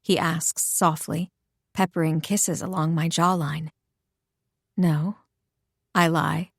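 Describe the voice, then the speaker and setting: A woman narrating a first-person romance audiobook in an expressive, intimate storytelling voice. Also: sits low, slow pace, gravelly, husky, no room sound, studio quality.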